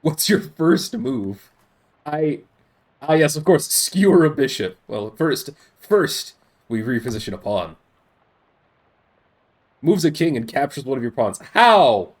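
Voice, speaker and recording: Streamer reading game text aloud and reacting, amused, casual. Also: male voice, medium pitch, animated, a little slow, pauses often, darkish tone.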